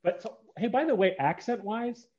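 A man from the upper Midwest hosting a casual interview, asking rambling questions with a joking, animated manner. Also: high voice, normal speed, highs cut off. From upper Midwest near Minnesota. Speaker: interview host.

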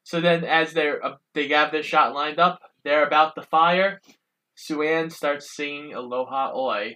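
A podcast co-host with a bright, clear tone and a mid-range pitch speaks with earnest enthusiasm. The delivery is casual, relaxed and conversational. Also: a little slow, poor audio. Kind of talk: casual movie review chat.

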